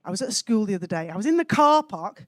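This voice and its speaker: A woman from Wales performing a cheeky stand-up set, landing punchlines deadpan on a comedy club stage. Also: medium pitch, fast talker, no echo.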